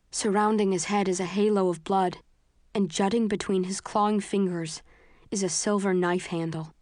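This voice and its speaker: Low-voiced woman narrating an audiobook. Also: a little mellow, no echo, studio quality. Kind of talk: first-person scripted narration.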